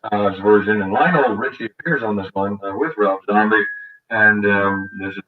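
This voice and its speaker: A man's voice: on the low side, moderate pace, far from the mic. Rambling crude older man, lo-fi sound. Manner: rambling, crude and bitter, many fillers and restarts. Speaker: radio show host. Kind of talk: rambling monologue. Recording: dull lo-fi audio, voice set back from the mic.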